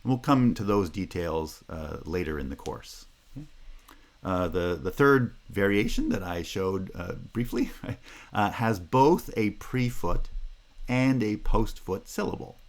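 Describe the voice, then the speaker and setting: A man's voice: lowish voice, lively intonation, a little slow. A man giving a recorded university lecture, explaining step by step with frequent "uh" fillers, self-corrections and example words repeated aloud. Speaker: linguistics lecturer.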